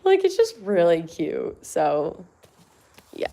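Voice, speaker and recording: A woman's voice: on the low side, moderate pace, darkish tone. A young woman chatting on a casual livestream from her family home, out of breath, rambling with lots of "like" and baby talk to her pets.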